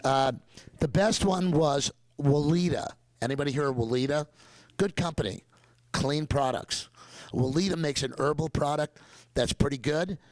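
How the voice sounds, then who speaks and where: A man's voice: a little high, moderate pace, dry recording, rough recording. An older man, a dentist guest, talking in an enthusiastic, digressive, storytelling way and slipping into mock accents when quoting people. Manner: energetic, digressive, slips into mock accents for quotes.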